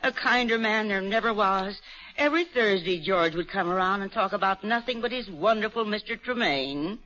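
Fluttery old country mother, lively pitch, old radio sound. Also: normal speed. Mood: homely. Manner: fluttery, homely, hesitant. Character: kindly, hospitable older farm wife and mother. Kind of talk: 1940s radio acting. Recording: dull old radio broadcast.

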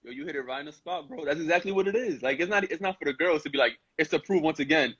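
A young man, hosting a relaxed chat and often repeating himself with "right?" and "you know what I'm saying?". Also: fairly high pitch, quick pace, husky. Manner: laid-back, repeats phrases, asks "right?". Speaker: podcast host. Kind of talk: casual chat. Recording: muffled Instagram live audio.

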